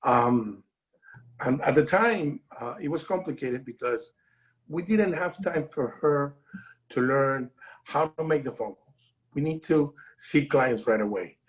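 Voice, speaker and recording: A man telling his business story in halting English with a non-native accent, pausing and restarting often. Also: mid-range voice, expressive, poor audio. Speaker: guest business owner. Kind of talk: casual storytelling.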